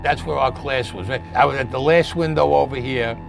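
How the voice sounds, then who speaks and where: Older New Yorker, 70s, vivid insistent storyteller, mid-pitched voice. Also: male voice, a little fast, gravelly, music in the background. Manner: emphatic, repeats key phrases. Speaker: interviewee. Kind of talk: recounting a memory on location.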